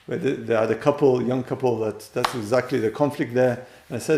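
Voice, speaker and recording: Gravelly man, teaching. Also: mid-range voice, fairly even intonation, fairly quick, hardly any pauses, a little mellow. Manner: emphatic, repeats key phrases, addresses listeners directly. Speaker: teacher giving marriage guidance. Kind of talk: spoken lesson on marriage. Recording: roomy echo.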